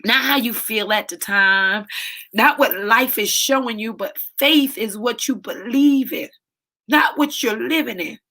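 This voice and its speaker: Speaking a little slowly in a fairly high, bright, forceful voice, a soul coach hosts a live inspirational talk. Her delivery is preachy and emotional, with repeated phrases for emphasis, and she sounds near tears.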